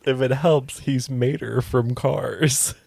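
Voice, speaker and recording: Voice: mid-range voice, steady tone, takes it slowly, creaky, darkish tone, no echo. A young adult co-hosting a podcast, casually teasing and prompting the other host. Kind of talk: casual chat.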